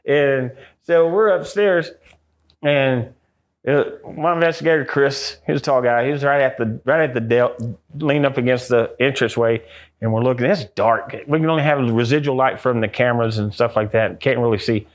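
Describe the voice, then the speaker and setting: A middle-aged American man, a guest on an interview, telling a ghost story with lively acted-out quotes. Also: medium pitch, moderate pace. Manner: acts out quotes in a raised excited voice.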